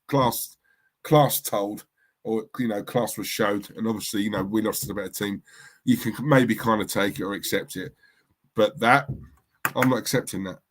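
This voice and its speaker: Hosting a live stream, a man with a lowish, somewhat bright voice reads viewer comments and chats casually. His talk rambles and circles back on itself repeatedly.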